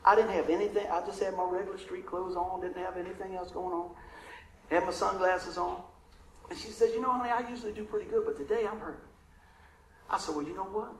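A man with a high voice tells a story from the pulpit, folksy and heartfelt, asking the crowd for an amen now and then. His voice rings out in a roomy, echoing hall. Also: steady tone, fast, a little hiss or hum. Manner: emotional, conversational, Southern-tinged storytelling with asides to the congregation. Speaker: preacher. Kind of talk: storytelling sermon.

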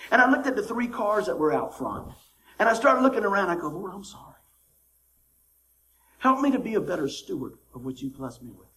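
A high-pitched male pastor preaching an easygoing, conversational sermon to his church. He keeps asking the room for amens and laughs along with his own jokes. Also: a bit bright, low-quality recording.

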